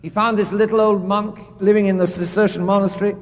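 High-pitched man preaching in a reverberant church. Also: little pitch movement, fast. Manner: earnest, emphatic, repeats phrases for stress. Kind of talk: sermon.

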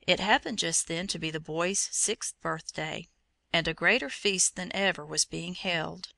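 A woman reading a saint's storybook aloud in a measured, gentle storytelling manner. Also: on the low side, creaky, no echo. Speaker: reader. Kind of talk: storybook narration.

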